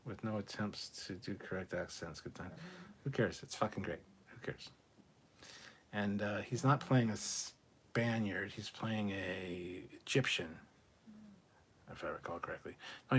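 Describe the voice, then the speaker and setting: On a casual live stream, a man reads out viewer chat messages and answers them, joking loosely and swearing now and then. His voice sits fairly low and is slightly rough.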